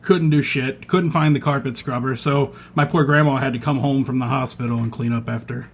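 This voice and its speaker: A man's voice: medium pitch, fairly even intonation, brisk. Blunt, joking male co-host. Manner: blunt, joking, loud outbursts. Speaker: podcast co-host. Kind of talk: casual profane podcast chat. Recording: faint background noise.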